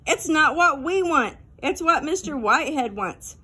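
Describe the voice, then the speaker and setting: A woman's voice: sits high, expressive, a little slow, pushed and bright, full character voice. A woman doing a bitter, snappish young boy. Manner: snappish and sarcastic. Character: bitter sarcastic fifth-grade boy.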